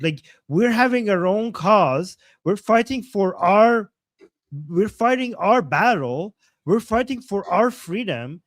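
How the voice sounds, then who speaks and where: A man's voice: high-pitched, no room sound. A man co-hosting a live stream, reacting with indignant disbelief. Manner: indignant, incredulous. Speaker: co-host. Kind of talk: casual live-stream commentary.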